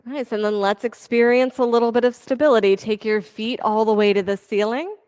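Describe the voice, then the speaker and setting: A woman leading a yoga class, calmly cueing moves and breaths and counting reps with encouragement. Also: on the high side, brisk, no echo. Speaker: yoga instructor. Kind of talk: guided yoga class cues.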